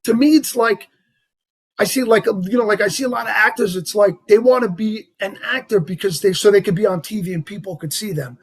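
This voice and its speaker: Husky New York man, rambling freely. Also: high-pitched, brisk. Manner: animated, rambling, heavy on "you know" and "like". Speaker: actor guest. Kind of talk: casual interview chat.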